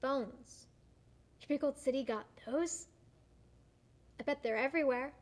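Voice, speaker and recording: A young actress playing a blunt, teasing younger sister in a student stage play. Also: female voice, sits high, unhurried. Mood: needling. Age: young adult. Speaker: actor.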